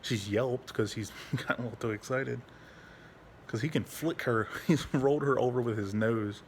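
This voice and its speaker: Man, casual home vlog, profane, rambling, many restarts, middle pitch, faint background hiss. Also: moderate pace. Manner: high baby-talk voice when speaking to his dog. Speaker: veteran vlogger. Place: at home with his dog.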